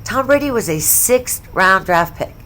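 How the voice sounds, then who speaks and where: A woman's voice: medium pitch, lively intonation, measured pace, pushed and bright. A middle-aged woman from the United States telling stories in a casual sports vlog, chatty, blunt and profane, with asides. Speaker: sports vlogger.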